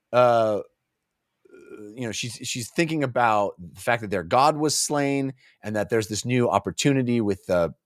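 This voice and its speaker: A man co-hosting a casual book-club podcast, talking eagerly and halting often with fillers. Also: mid-range voice, dry recording, studio quality. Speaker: podcast co-host.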